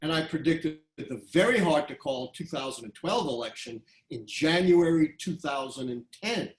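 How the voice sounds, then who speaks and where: A man in his seventies from Brooklyn, a history professor giving a public lecture, telling stories in an animated, emphatic way with quick asides. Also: a little high, echoey room, rough recording. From Brooklyn, USA.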